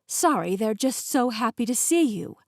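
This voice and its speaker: A woman voicing a brisk, stern middle-aged aunt who speaks in a clipped, secretive way. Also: on the high side, expressive, no room sound, clean studio sound. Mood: scolding.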